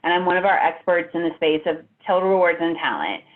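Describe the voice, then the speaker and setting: A woman's voice: on the low side, animated, fast. A woman speaking from home as a benefits executive on a webinar, polished but casual with frequent fillers. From United States. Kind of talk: webinar presentation. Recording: tinny phone-like audio.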